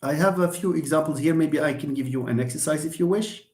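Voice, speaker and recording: A man's voice: on the high side, fast talker, a little mellow. A man teaching English word stress in a live online lesson, explaining patiently and repeating example words. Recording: echoey room.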